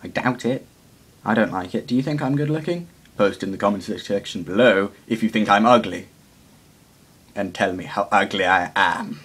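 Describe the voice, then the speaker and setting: A man's voice: on the low side, fairly bright tone, breathy edge. A teenage boy vlogging casually, awkward and self-deprecating, laughing often and rambling with fillers. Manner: rambling with many fillers and pauses. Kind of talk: casual confessional vlog.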